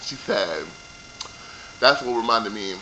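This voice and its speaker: A young male vlogger reviewing a reality show rants casually about its reunion, sassy and profane. His voice is fairly low, expressive, and slow, with background noise in the recording.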